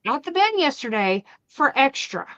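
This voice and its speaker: A woman with a fairly high voice chats casually as the host of a crafting channel. She tells a family story with lively energy and plays out both sides of the arguments. The sound is dry, close and a little muffled. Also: moderate pace, dry recording. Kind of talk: casual chat.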